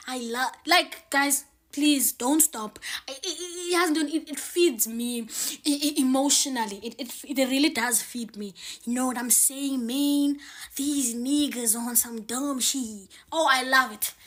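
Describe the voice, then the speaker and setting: A woman's voice: high-pitched, a bit bright. A South African woman in a casual clip, talking playfully and mixing English with Xhosa phrases. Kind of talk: casual social media clip.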